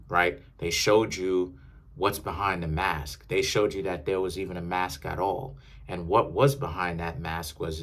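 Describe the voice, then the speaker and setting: Low-voiced man giving a rambling tarot reading. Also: a bit bright. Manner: rambling, self-correcting, conversational. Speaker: tarot reader. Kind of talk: casual tarot reading monologue.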